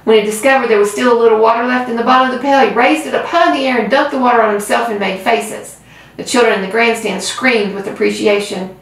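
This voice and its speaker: A woman who hosts a reading channel, reading a children's book aloud with gentle storytelling. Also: on the high side, fairly even intonation, quick pace. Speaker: reader. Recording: roomy, far from mic.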